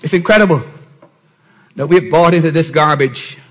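A middle-aged man, a pastor, preaching a sermon and often rising to shouted emphasis with mocking put-on voices. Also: on the high side, normal speed, low-quality recording.

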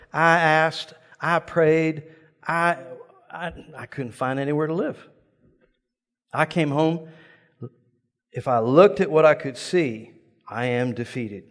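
A man preaching a sermon, telling a personal story with lively bursts of loud exclamation and laughter before a congregation. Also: on the high side. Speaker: pastor. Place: large church hall before a live congregation. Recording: long reverb of a large hall.

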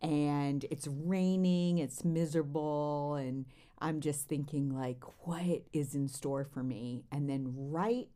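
A woman's voice: deep voice, steady tone, takes it slowly, mellow. A woman co-hosting a faith podcast who tells a personal story in an earnest way.

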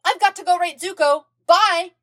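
An eager twelve-year-old boy chirps with earnest excitement, as a woman reads him in a podfic. His voice sits high and leaps around, bouncy and full of enthusiasm. It sounds like a storybook kid hero. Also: moderate pace. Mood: cheerful. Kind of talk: podfic character voice.

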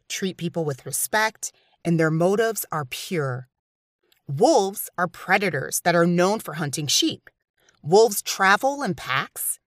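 A woman's voice: fairly low pitch, a bit bright, no room sound, clean studio sound. A woman giving a scripted devotional talk that quotes scripture, earnest and emphatic. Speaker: Christian speaker.

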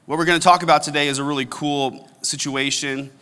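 Bright-voiced pastor preaching in a reverberant hall. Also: male voice, on the high side, brisk, clean tone. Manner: animated, acts out quoted complaints. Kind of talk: sermon. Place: large church auditorium.

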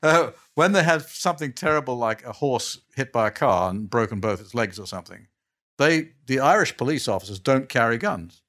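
A man's voice: mid-range voice, fairly quick. Older man telling chuckling anecdotes. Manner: animated, chuckling storyteller who trails off and restarts. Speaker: guest. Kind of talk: anecdotal storytelling in a casual interview.

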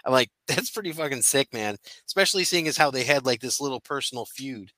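Male podcast co-host, bright tense tone, dry close mic, loose profane rambling chat. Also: mid-range voice, animated, quick pace, no echo. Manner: laughing, profane, rambling with restarts. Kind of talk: casual chat.

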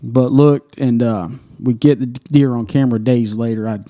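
Male co-host; warm, dark tone; animated, profane storyteller. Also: medium pitch, moderate pace. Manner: animated storyteller, swears freely, laughs mid-story. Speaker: podcast co-host. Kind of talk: casual hunting story.

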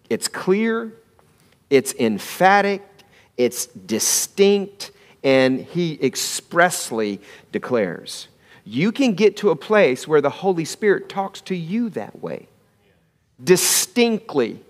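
A man's voice: fairly high pitch, in a large hall. A man preaching a sermon as pastor, talking in a conversational way and often asking the congregation if they follow him.

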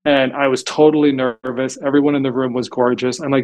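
A man on a podcast as a guest, telling stories in a loose, chatty interview and leaning on "like" to fill the gaps. His voice sits at medium pitch with a level tone and a slightly dark color, and he talks a little fast.

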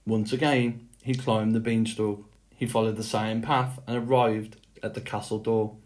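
Male narrator, lowish voice, unhurried fairy-tale reading. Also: level tone, a little mellow. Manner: slow, measured storytelling. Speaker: storybook reader.

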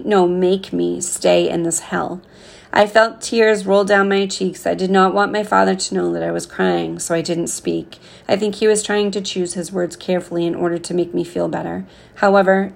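A woman reading a novel aloud in a steady, earnest way. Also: on the low side, vocal fry. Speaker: reader.

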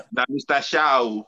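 A man's voice: mid-range voice, bright, forceful tone, husky, poor audio. A man hosting a casual panel discussion, telling stories animatedly and laughing as he goes. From UK-based. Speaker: host.

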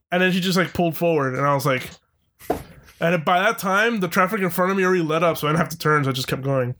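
A man co-hosting a casual chat, telling a story in a relaxed, wry way. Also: fairly high pitch, fast. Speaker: podcast co-host.

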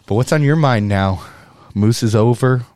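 A man's voice: medium pitch, normal speed, a little mellow, no room sound, studio quality. A man co-hosting a podcast in casual chat, blunt and joking, laughing often and trailing off with fillers. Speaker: podcast co-host.

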